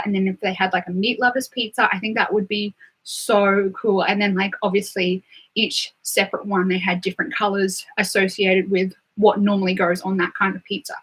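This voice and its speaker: A woman's voice: mid-range voice, pushed and bright, husky, poor audio. A young Australian woman chatting casually on a live stream, filling her talk with "like" and "um". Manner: chatty, full of "like" and "um" fillers. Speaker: beauty livestreamer.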